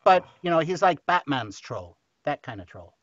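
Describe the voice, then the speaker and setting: Very animated at normal speed, this slightly high, bit-bright male voice plays a mischievous young sidekick on a podcast. Teasing the guest and telling goofy stories, he's heard in dry, slightly muffled audio without room sound.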